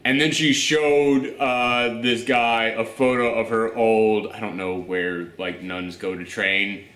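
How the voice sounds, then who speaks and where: This channel host speaks slowly in a lowish voice while giving a casual spoiler review of a film. Animated and foul-mouthed, he slips in acted asides, and the room echoes around him.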